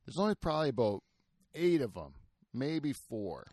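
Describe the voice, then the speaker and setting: A man's voice: mid-range voice, big pitch swings, normal speed, a little mellow, no room sound, studio quality. A man hosting a podcast in casual, rambling chat, full of fillers, restarts and swearing. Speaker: podcast host.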